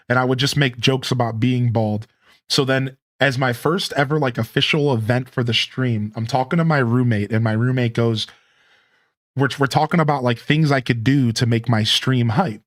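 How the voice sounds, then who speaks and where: A male streamer tells his chat a story in a casual way, laughing often and imitating chat with high-pitched yelps.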